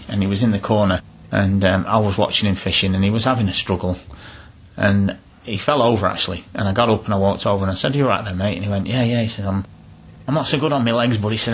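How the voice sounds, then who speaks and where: A man's voice: on the low side, a little hiss or hum. A middle-aged man talking casually in an interview, telling down-to-earth stories with frequent restarts. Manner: chatty, down-to-earth, rambling with restarts. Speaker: interviewee, angler.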